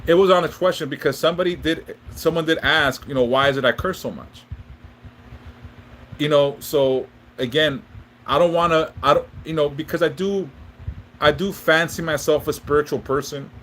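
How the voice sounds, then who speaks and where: A man's voice: fairly high pitch, normal speed, fairly bright tone, a little hiss or hum. A man hosting a casual livestream, rambling with lots of restarts and swearing freely as he chats with viewers and gives spiritual readings. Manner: rambling, profane, frequent restarts. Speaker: livestream host and spiritual reader.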